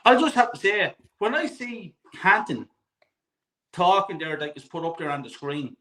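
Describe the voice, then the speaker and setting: A man in his forties with a high, bright, ringing voice gives a heartfelt rant on a live fan show. He swears freely and hammers his points home by repeating them. He pours real feeling into every sentence. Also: expressive, moderate pace. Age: 40s. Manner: emphatic, swears often, repeats himself for stress. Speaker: guest on a fan call-in show.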